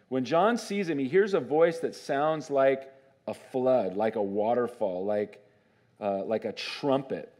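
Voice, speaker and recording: A man preaching a sermon as pastor in a church, conversational and animated, often asking the congregation questions. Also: mid-range voice. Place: church sanctuary.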